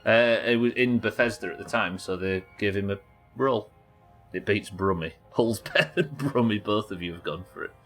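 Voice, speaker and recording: A man's voice: lowish voice, moderate pace, fairly bright tone, faint music behind. A man, chatting casually as he streams a video game live. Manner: casual, chatty, laughs often. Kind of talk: live gameplay commentary.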